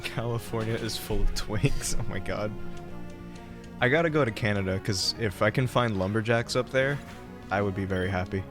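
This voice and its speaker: A man's voice: on the low side, normal speed, music in the background. A young man streaming a game and chatting casually, rambling with lots of fillers and laughs. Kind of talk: casual chat while playing.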